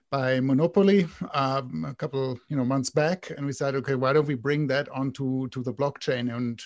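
A man's voice: mid-range voice, darkish tone, dry recording, studio quality. A man with a German accent, a guest in an interview, explaining at length with frequent ums and restarts. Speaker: guest, game co-founder.

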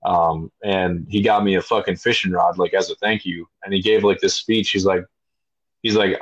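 A man in his thirties speaks in a low, steady voice at a moderate pace, with a breathy edge. He's a military veteran guest on a podcast, telling his story bluntly and casually, swearing and using plenty of fillers. The audio is dull and lo-fi.

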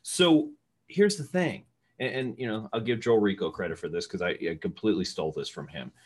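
Middle-aged male sales trainer, loud and energetic, a bit husky, conversational seminar delivery. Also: lowish voice, a little fast. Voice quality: loud talker. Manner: energetic, conversational, asks the room questions. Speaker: real estate sales trainer. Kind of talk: live seminar teaching.

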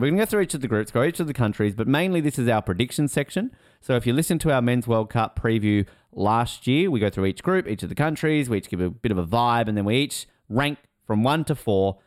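A man's voice: medium pitch, no echo, clean studio sound. A man hosting a casual podcast chat, joking and teasing as he reads out fun facts. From Australia. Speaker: podcast host.

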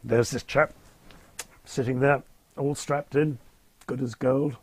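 Wry older man, husky. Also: mid-range voice, steady tone, takes it slowly, dry recording. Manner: wry, understated, dryly amused. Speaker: retired airline captain telling stories. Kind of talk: anecdotal interview storytelling.

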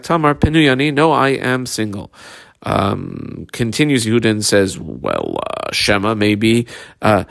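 Gravelly-voiced man teaching Talmud. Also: lowish voice, fairly bright tone. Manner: reads Hebrew and Aramaic phrases, then translates them in halting English; frequent filler pauses. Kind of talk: explaining a Talmud passage line by line.

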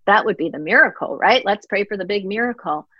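Speaking a little fast and animatedly, this middle-aged woman has a mid-range, slightly rough voice. She's an author being interviewed reflectively, earnest and heartfelt, frequently acting out things she said in the past. There's no room sound, and the audio is dry and a bit dull.

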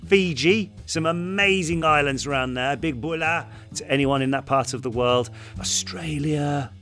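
A man co-hosting a podcast, chatting in a friendly, animated way and thanking listeners. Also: on the high side, normal speed, soft background music. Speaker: podcast co-host. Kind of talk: casual chat.

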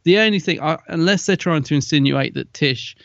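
A man with a gravelly, creaky voice, animated and quick to laugh as he chats on a podcast. The sound is dull and lo-fi, and dry with no room echo. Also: on the high side. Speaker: podcast co-host. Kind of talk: casual review chat.

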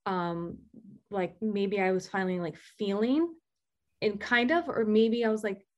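A woman telling a candid personal story, halting and restarting often with fillers. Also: mid-range voice, highs cut off. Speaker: guest sharing recovery story.

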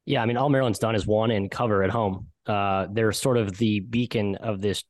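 A man with a fairly low voice co-hosts a casual sports betting chat, reeling off numbers in a measured way with plenty of "uh" and "I mean." The sound is dry and close, with no room around it. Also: fairly even intonation, dry recording. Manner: measured, stat-heavy, with frequent fillers. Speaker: podcast co-host and betting analyst.

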